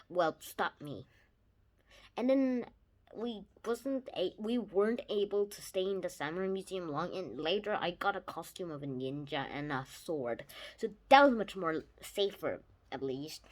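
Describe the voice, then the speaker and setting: Eager child rambling through a report. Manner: eager, rambling explanations with frequent restarts; lively jumps in pitch and loudness. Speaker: video reviewer. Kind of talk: casual spoken video report.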